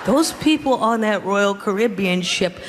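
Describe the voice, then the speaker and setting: A woman's voice: medium pitch, lively intonation, measured pace. A middle-aged woman doing stand-up comedy storytelling with a handheld stage mic, wry and mock-indignant, in a comedy club with a live audience. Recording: reverberant live club recording with noise.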